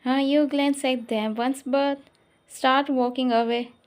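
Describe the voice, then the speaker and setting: A woman narrating a second-person fanfiction story in a plain, even reading voice with small hesitations. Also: high-pitched, unhurried.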